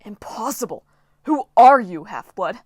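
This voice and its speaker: A woman's voice: mid-range voice, animated, unhurried, no echo, studio quality. A woman voicing a menacing male storm spirit in an audiobook reading, with a threatening, gloating delivery.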